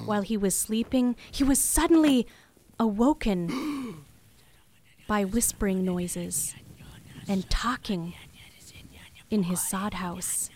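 A woman telling a folktale in a slow, deliberate way, often dropping to a whisper for suspense. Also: mid-range voice, noisy background. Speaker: storyteller. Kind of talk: oral folktale narration.

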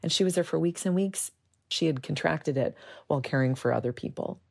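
Deep gravelly woman telling her story. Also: brisk. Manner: animated, rambling storytelling with fillers. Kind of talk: candid interview recollection.

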